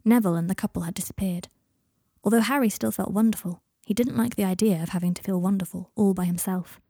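A woman narrating fiction aloud in a soft, even voice, dropping to whispers on speech tags. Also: medium pitch, quick pace, husky, dry recording, clean studio sound. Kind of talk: audiobook fiction reading.

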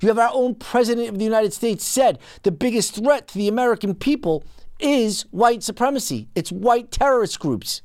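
Host, political monologue: indignant, emphatic, big pitch jumps, dry close sound. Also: lively intonation, normal speed, darkish tone, no room sound. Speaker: podcast host.

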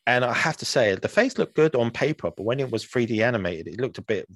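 A man's voice: mid-range voice, lively intonation, quick pace, a bit bright, dry recording. A man co-hosting a podcast in casual chat, rambling and hesitant, full of fillers and restarts. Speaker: podcast co-host.

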